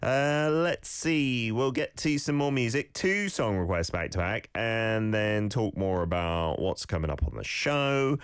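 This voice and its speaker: A very low-voiced male radio host coaching listeners on pronunciation. He talks in a relaxed, casual way and patiently repeats sounds slowly. The mic sounds close and dry, with no room around him. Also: clear, resonant tone, no echo. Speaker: radio host teaching Korean. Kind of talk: casual radio talk with language tips.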